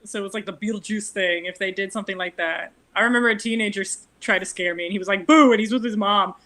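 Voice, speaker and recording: A woman's voice: medium pitch, fairly even intonation, fast, sharp tone. A woman guest telling a story in a casual chat, wry and laid-back. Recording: clear background noise.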